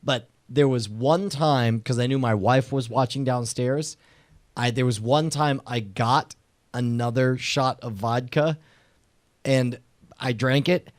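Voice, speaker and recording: An excitable man hosting a live internet talk show. His voice sits at an everyday middle pitch. He chats loosely and keeps jumping into loud, laughing outbursts. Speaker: show host. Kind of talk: casual live-show chat.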